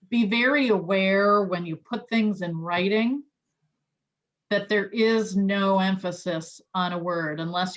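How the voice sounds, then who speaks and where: A woman trainer explaining sales skills in a chatty, loose way with many fillers and restarts. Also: mid-range voice. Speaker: real estate trainer. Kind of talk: online training talk. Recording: dull lo-fi audio.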